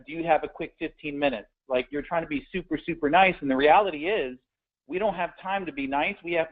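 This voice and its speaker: A man coaching sales agents on phone scripts in a conversational, direct way, often restarting his words. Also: on the high side. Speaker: sales trainer. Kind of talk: instructional talk on phone scripts. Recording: tinny phone-like audio.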